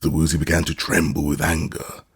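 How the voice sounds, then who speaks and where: A man narrating a classic children's novel as an audiobook, telling it in an expressive, animated way. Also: a bass voice, fairly quick, breathy edge. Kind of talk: scripted storybook narration.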